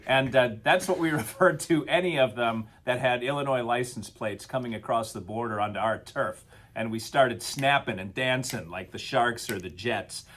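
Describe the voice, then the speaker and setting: A man's voice: mid-range voice, normal speed, a bit bright. A middle-aged man from Wisconsin, co-hosting a casual podcast and ranting in mock-grumpy, exaggerated fashion. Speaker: podcast co-host. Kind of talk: casual comedic podcast chat.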